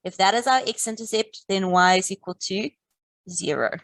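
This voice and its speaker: Calm maths teacher, woman. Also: mid-range voice, normal speed, no room sound, low-quality recording. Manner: encouraging, calm, talks students through steps. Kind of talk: live online maths lesson.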